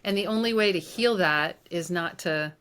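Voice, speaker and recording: A woman's voice: on the low side, normal speed, a bit bright, smooth. A woman life coach speaking as a podcast guest, reflective and earnest in conversational storytelling. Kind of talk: conversational interview.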